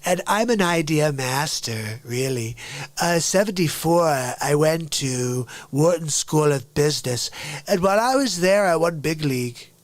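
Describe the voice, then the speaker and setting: A man's voice: on the high side, lively intonation, unhurried, dry recording. A man doing a comedic impression of a boastful older male politician who brags in repetitive phrases.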